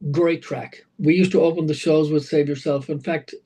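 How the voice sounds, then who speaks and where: Animated storytelling man, slightly high voice. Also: moderate pace, rough recording. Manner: animated anecdotes full of fillers and restarts. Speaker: rock singer guest. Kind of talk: casual interview storytelling.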